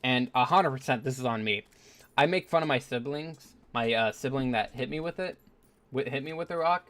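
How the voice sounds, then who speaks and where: Male gaming host, mid-pitched, chatty and rambling, casual storytelling with lots of "uh"s. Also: normal speed, fairly bright tone. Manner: rambling, full of fillers and self-mocking asides. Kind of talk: casual storytelling while playing.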